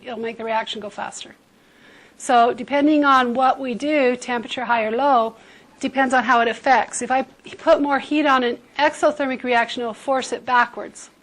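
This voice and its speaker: High-voiced woman teaching chemistry class. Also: a bit bright, low-quality recording. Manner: explains with everyday comparisons, checks in with "okay?". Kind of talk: classroom lecture.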